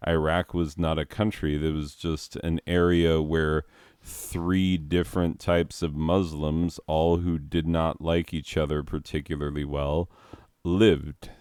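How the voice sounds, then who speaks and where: A man's voice: rumbling low, flat delivery, slow, darkish tone, clear, resonant tone, dry recording, clean studio sound. A man who teaches, talking casually over his gaming and drifting off into long history tangents with jokes. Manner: rambling, goes off on history tangents; laughs at his own jokes and mocks things in silly put-on voices. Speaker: game video host.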